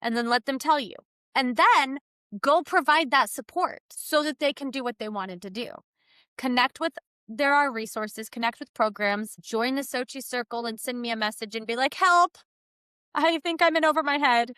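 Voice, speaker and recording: A woman's voice: a little high, normal speed, smooth, no echo. A woman in her thirties, a podcast guest who founded a business program for kids, telling stories with animation and acting out what people said. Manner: animated storytelling, acting out her own quotes. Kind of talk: podcast conversation.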